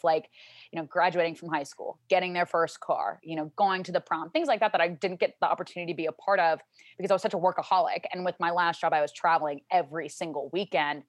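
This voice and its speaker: Chatty young woman from Louisiana. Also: no echo. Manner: chatty storyteller, acts out her family's lines in high excited voices. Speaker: guest. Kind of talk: casual interview chat.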